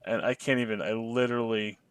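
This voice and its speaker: A man's voice: mid-range voice, fairly quick, smooth, no echo. Emphatic man on a dry podcast mic. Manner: emphatic, exasperated, animated. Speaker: podcast co-host. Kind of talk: casual podcast discussion.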